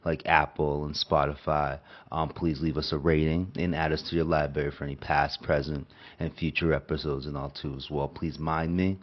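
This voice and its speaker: Low-voiced nasal male podcast host. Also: level tone, moderate pace, muffled recording. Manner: rambling, repeats "and all too as well". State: nasal from a cold. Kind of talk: casual sports talk.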